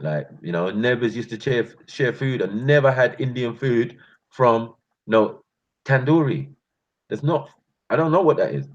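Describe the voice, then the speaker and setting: A man from North London with a London accent, telling street stories in a laughing, slangy way. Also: mid-range voice. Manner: laughing, slangy, animated storytelling. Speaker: channel host. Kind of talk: casual storytelling monologue. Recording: dull lo-fi recording.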